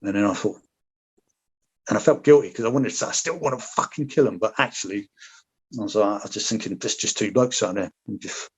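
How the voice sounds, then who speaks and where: A man's voice: on the low side, fairly quick, husky. A man, a former paratrooper, chatting frankly as a podcast guest, rambling and swearing freely. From Britain. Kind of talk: casual interview chat.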